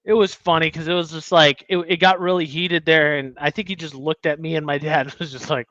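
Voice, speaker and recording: A man's voice: a little high, a little fast, hardly any pauses, no echo, dull audio. A man co-hosting a podcast, telling a story in casual chat and acting out the people in it. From United States. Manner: animated storyteller, acts out quotes. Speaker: podcast co-host.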